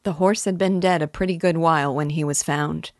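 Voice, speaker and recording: A woman's voice: low-pitched, fairly even intonation, brisk, dry recording, clean studio sound. A woman reading aloud and voicing a blunt, gossiping male horse dealer in a chatty, insinuating way.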